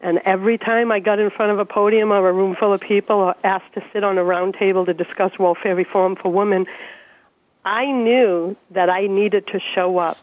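50-something lady from massachusetts, chatty and animated storyteller, tinny dry phone sound. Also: mid-range voice, normal speed, no room sound. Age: 50s. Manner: chatty, animated, laughs while telling stories. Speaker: interview guest. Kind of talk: casual storytelling.

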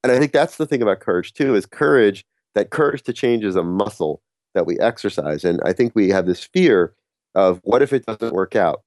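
Middle-aged man, deep voice, relaxed self-deprecating storyteller who stumbles and restarts; dry, close recording. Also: no echo. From New Jersey. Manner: halting, many restarts, laughs at himself. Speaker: speaker on courage. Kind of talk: casual storytelling monologue.

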